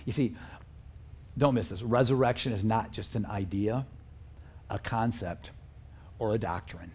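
A man's voice: on the low side, measured pace, long pauses, darkish tone, slight background noise. A man preaching a sermon as a pastor, talking in a conversational, earnest way with fillers and chuckles.

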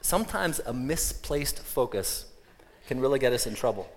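A man's voice: mid-range voice, lively intonation, normal speed, slight background noise. A man preaching a sermon as pastor, conversational and plain, often restarting his phrases and telling a joke along the way. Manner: conversational, tells a joke, frequent restarts and fillers. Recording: long hall reverb.

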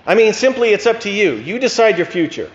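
A man's voice: high voice, big pitch swings, brisk, pitched above the performer's own voice. Man reading as a frustrated traveler. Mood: firm. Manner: exasperated, yelling. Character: frustrated male traveler on a bridge. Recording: echoey hall, dull lo-fi sound.

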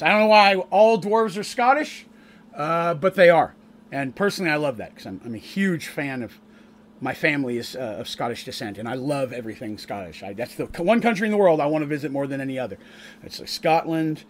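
On stream, a game master raised in Canada walks through a tabletop campaign recap in a loose, wandering style, restarting sentences often. He is an adult, the eldest grandchild, with a wife. His pitch leans high and his tone is fairly bright, over a little hiss or hum.

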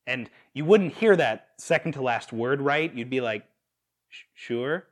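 A man's voice: mid-range voice, expressive, moderate pace. Man preaching a casual sermon. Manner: conversational with fillers and restarts, laughs at own stories.

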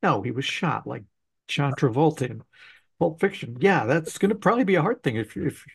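Gravelly-voiced man telling an anecdote. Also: fairly high pitch, a little fast, no room sound. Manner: relaxed anecdotal storytelling. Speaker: podcast host, mystery author. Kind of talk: conversational interview.

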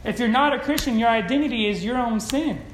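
A preacher giving a sermon to a congregation in a church hall, talking in a conversational style with casual slang and swinging between loud and soft. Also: medium pitch, fast, a little hiss or hum. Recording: roomy hall echo.

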